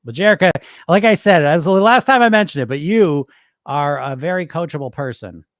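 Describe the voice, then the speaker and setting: A man's voice: on the high side, expressive, brisk, fairly bright tone, no echo. A middle-aged man hosting a weight-loss podcast, talking casually and bluntly, swearing freely as he coaches listeners and mimics panicked dieters. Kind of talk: casual live-stream coaching talk.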